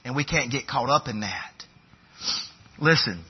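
A man's voice: mid-range voice, lively intonation, a little slow, slightly rough, dull audio. A man preaching a sermon as pastor, building to fervent, emphatic repetitions.

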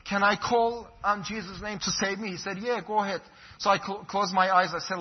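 A man's voice: sits high, fairly even intonation, brisk. A man from Iran, a pastor giving an earnest, fervent personal testimony. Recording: dull lo-fi recording.

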